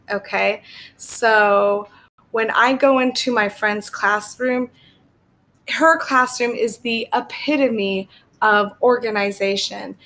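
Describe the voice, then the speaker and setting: Female teacher, young adult, slightly high voice, clear vocab-lesson delivery with frequent check-ins. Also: fairly bright tone. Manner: repeats key words and checks in with "okay?". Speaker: English teacher.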